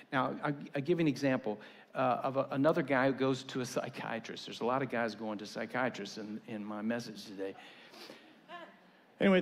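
A man's voice: medium pitch, in a large hall. A man giving a conversational sermon as a pastor, with casual asides and restarts.

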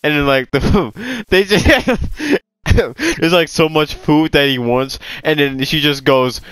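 A man gaming with a friend, talking slowly with a lively, bouncing pitch. His voice is dry and close on a headset mic, and he laughs through his jokes and swears freely. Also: clean tone, dry recording, low-quality recording. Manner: giggly, joking, profane. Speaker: gamer. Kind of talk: casual chat while gaming.

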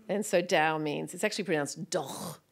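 A middle-aged woman, a film director, telling lively anecdotes on stage and often acting out other people's voices with laughter. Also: low voice, normal speed, vocal fry. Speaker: guest author and film director. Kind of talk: stage conversation, anecdotal storytelling.

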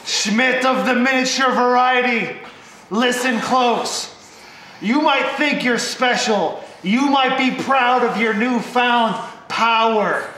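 High, bright-voiced wrestler. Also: male voice, slow, slight background noise. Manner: menacing, theatrical. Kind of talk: wrestling promo. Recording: echoey room.

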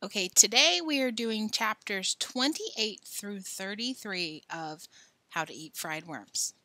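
A woman reading a children's book aloud, expressive and friendly toward young listeners. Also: medium pitch, slow pace, no room sound.

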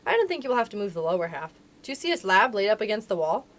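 A woman's voice: mid-range voice, big pitch swings, racing, close to an everyday voice. A woman reading aloud and voicing a brave, practical young miner boy who talks in a matter-of-fact way. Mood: urgent.

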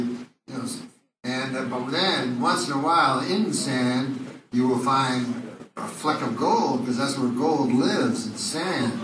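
A man's voice: mid-range voice, slow. A man doing a rambling, crude stand-up set with meandering asides, taped from the audience in a comedy club. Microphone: audience bootleg recording from far off. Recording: far-off echoey club bootleg with loud crowd. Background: loud audience laughter and noise.

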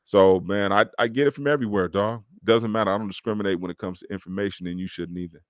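A low-voiced man hosts his own podcast, talking in a loose, slangy, preachy way. His voice sits close and dry, with no room sound around it. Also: fast talker, dry recording. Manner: casual, preachy, slangy, addresses listeners as dog. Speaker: podcast host. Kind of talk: motivational podcast monologue.

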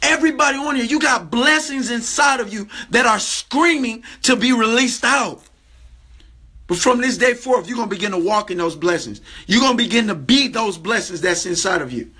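High-voiced, bright, fervent preacher man. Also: animated, moderate pace, slightly rough. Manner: fervent, repetitive preaching cadence. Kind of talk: livestream sermon.

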